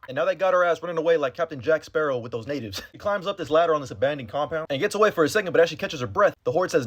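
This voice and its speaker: A man's voice: on the high side, lively intonation, very fast, few pauses, husky. A man hosting a reaction channel, recapping an episode in casual slang, swearing freely and laughing as he goes.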